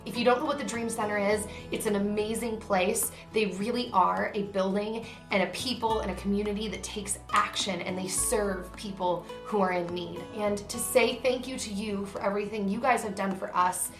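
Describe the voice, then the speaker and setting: A woman's voice: medium pitch, steady tone, moderate pace, hardly any pauses, roomy sound, faint music behind. A woman vlogger talking straight to her viewers, earnest and emphatic, about a cause close to her heart. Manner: earnest, emphatic, grows emotional. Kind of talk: heartfelt direct-to-camera vlog.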